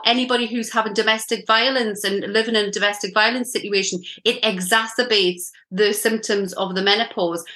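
A middle-aged woman guest on a podcast talks in a bright, tense voice. She is straight-talking and explains step by step, pausing to check with "okay?". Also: mid-range voice. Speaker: menopause coach, guest. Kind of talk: podcast interview.

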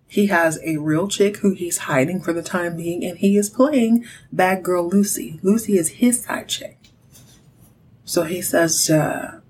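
A woman hosting a podcast, recapping a soap opera episode in a sassy, animated storytelling way, with direct asides to her listeners. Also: fairly low pitch, slight background noise, poor audio. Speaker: podcast host.

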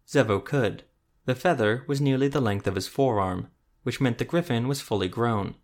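A man reading a fantasy story aloud as narrator, in a steady, even manner. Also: mid-range voice, moderate pace. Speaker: audiobook narrator. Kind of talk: scripted narration.

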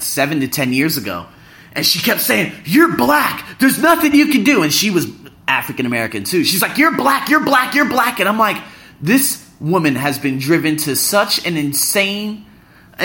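Young male podcast host with a bright, forceful, slightly high voice; preachy motivational talker who hammers points by repeating them. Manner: emphatic, preachy, repeats phrases for effect. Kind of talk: motivational talk to a live audience.

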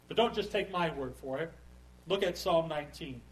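Male pastor, high-pitched voice, earnest sermon delivery with deliberate pauses. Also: expressive, low-quality recording. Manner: earnest preaching with slow emphatic pauses.

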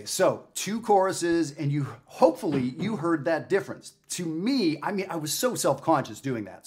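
A man giving a relaxed video lesson on jazz saxophone, thinking aloud candidly and talking straight to the viewer. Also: a little high. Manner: talks directly to the viewer, often tags "right?". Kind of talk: casual video lesson to camera.

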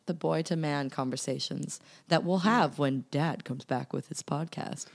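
A woman's voice: low voice, unhurried, gravelly. A woman guesting on a podcast, telling stories in playful casual chat and laughing often.

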